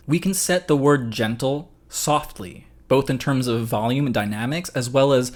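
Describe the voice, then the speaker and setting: Man, music teacher, casual online lesson, middle pitch, chatty and explanatory with joking asides. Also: moderate pace, hardly any pauses.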